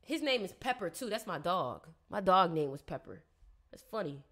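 A woman's voice: lowish voice, sing-song, moderate pace, a bit bright. A woman on a casual live stream, reading viewers' astrology in a chatty, playful, slangy way and teasing her audience.

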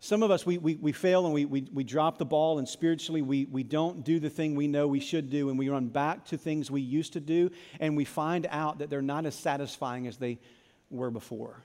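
A man preaching a sermon, telling a Bible story in an animated way and acting out the dialogue. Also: fairly high pitch, moderate pace, big-room sound. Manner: animated storytelling, acts out biblical dialogue with repeated phrases. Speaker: pastor.

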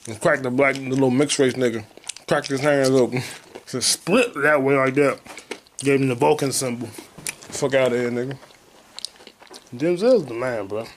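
A man hosting a solo podcast, a comedian ranting casually and profanely, with sudden loud outbursts. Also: mid-range voice, moderate pace, pauses often, a little hiss or hum. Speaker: podcast host and stand-up comedian.

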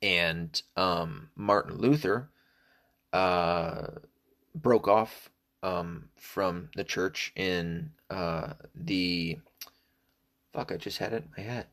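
A man's voice: deep voice, extremely slow, a bit bright. A middle-aged man from the South, talking in a casual, profane, rambling monologue full of fillers. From American South. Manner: profane, digressive, many fillers. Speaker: solo talker.

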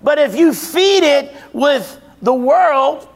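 A man preaching a sermon, asking and answering his own questions, shouting at times and then dropping low. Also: animated, slow pace, creaky.

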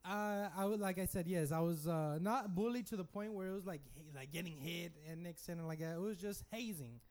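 A young man with a notably high voice, chatting casually as a podcast co-host. He tells his stories with animation, slipping into impressions of the people in them. He grew up in West Texas. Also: fairly quick. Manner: animated storyteller, mimics voices. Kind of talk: casual chat.

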